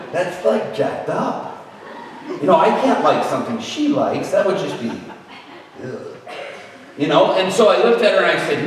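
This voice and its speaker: A man preaching in a church, telling a humorous personal story in an animated way and shouting re-enacted lines. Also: high-pitched, moderate pace, long pauses. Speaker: guest preacher. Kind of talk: sermon storytelling. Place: church sanctuary. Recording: echoey church hall, distant mic.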